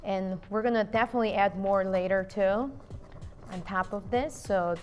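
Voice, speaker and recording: A young woman talks her viewers through a recipe in her home kitchen, chatty and playful, with jokey asides. Her voice sits at a middle pitch, and soft music plays faintly behind her. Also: normal speed. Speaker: cooking channel host. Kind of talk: casual cooking demonstration.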